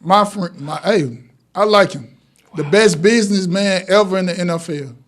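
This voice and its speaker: A man's voice: sits high, normal speed. A man hosting a casual sports talk show, playfully calling out names from his list like a game-show announcer. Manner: animated, playful list-reading with announcer calls.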